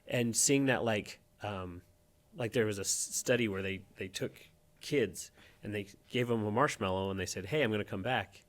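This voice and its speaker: A man talking as a podcast guest, thoughtful and halting, trailing off and restarting often. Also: lowish voice. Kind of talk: casual conversation.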